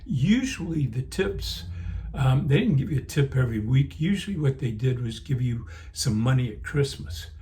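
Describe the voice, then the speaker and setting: An older vlog host with a middle-pitched voice casually reminisces in a relaxed, meandering way. He often stops and restarts, leans on "um" and "you know," and sounds a little sleepy, yawning between thoughts as he rambles unhurriedly.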